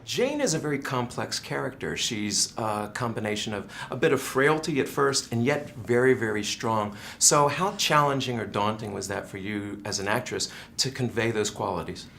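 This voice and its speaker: A man, an entertainment reporter, asking polished, measured questions in a press interview. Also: medium pitch, vocal fry, fairly bright tone, slight background noise.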